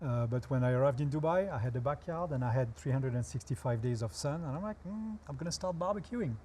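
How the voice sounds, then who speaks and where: A man's voice: medium pitch, fast talker, mellow, a little hiss or hum. French-accented man explaining, dry humor. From France. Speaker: guest chef. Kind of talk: TV talk show interview.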